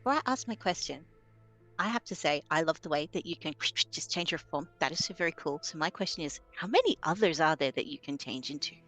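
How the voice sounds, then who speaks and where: A woman's voice: low voice, animated, quick pace, a bit bright, soft background music, low-quality recording. A woman playing a tabletop game, asking questions in a curious, upbeat way. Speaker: player.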